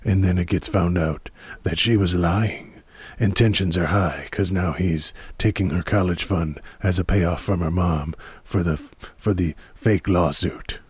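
A man's voice: deep voice, fairly even intonation, a little slow, husky, no echo. A man chatting casually and irreverently about a movie at home, rambling, swearing and laughing often. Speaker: movie commentator. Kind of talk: casual movie chat to camera. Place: home room in front of a DVD rack.

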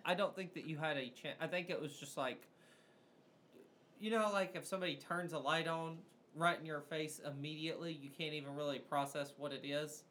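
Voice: medium pitch, brisk, a little hiss or hum. Laid-back tabletop game master. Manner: relaxed, casual, with frequent fillers and laughs.

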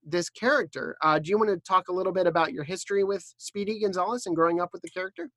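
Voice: medium pitch, fast talker, fairly bright tone, dry recording. Enthusiastic podcast host, dry sound. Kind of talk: casual interview hosting.

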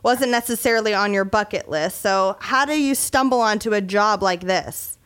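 A woman's voice: medium pitch, normal speed, fairly bright tone, smooth. A woman hosting an interview in an upbeat, eager way. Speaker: podcast host.

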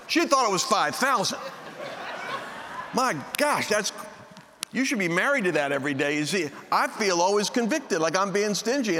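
With a high voice, lively intonation, and normal speed, a man delivers a sermon to a live crowd audible in the background. He's a joking storyteller who performs the quoted voices in his tales. The large meeting hall gives long reverb, with faint background noise.

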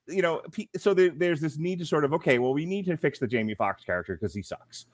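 A man's voice: fairly high pitch, fast. A middle-aged man co-hosting a podcast, chatting casually and animatedly about a film, laughing often and acting out lines. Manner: animated, laughing, acts out quotes. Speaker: podcast co-host. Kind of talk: casual film review chat.

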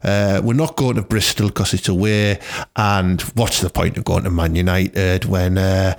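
A man's voice: sits low, fairly even intonation, a little slow, vocal fry. A man hosting a comedic podcast, telling crude jokes and laughing at them. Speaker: podcast host.

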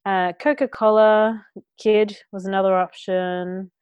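A woman co-hosting a podcast in casual chat, easygoing and quick to giggle. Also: mid-range voice, level tone, a little mellow, smooth, no room sound, highs cut off. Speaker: podcast co-host.

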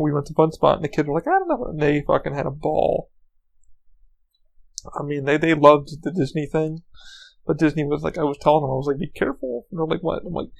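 On a low-quality recording, a fairly high-pitched man with vocal fry rambles through a casual story on the podcast he hosts. He's based in Orlando, Florida, and his telling is loaded with swearing, filler words and restarts.

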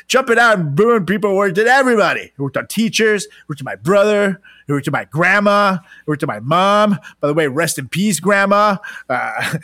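Bright, animated man telling a comic story. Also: high-pitched, no room sound, clean studio sound. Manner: profane, laughing, playful. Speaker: comedy podcast host. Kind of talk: comedic storytelling.

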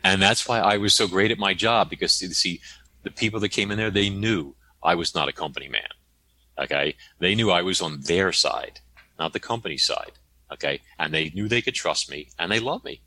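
A man telling stories as an interview guest, animated and tagging his points with "okay?". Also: low voice, moderate pace. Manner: animated, tags statements with "okay?". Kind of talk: conversational storytelling.

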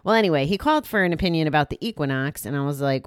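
A woman's voice: low-pitched, sing-song, brisk, few pauses, clean tone, no room sound, studio quality. A tired, chatty woman hosting a live podcast, rambling through apologetic asides to her listeners. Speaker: podcast host. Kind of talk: casual live chat to listeners.

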